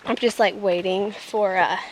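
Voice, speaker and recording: A woman's voice: medium pitch, steady tone, a little slow, a little hiss or hum, rough recording. A woman vlogging on an outdoor mountain trail, chatting playfully and giggling often. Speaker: travel vlogger. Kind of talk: casual chat while hiking.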